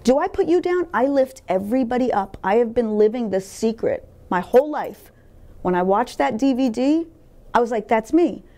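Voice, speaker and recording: A woman's voice: a little high, expressive, normal speed, warm tone. A middle-aged woman talking candidly in an interview, emphatic and blunt, swearing freely as she tells her life story. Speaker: interview guest.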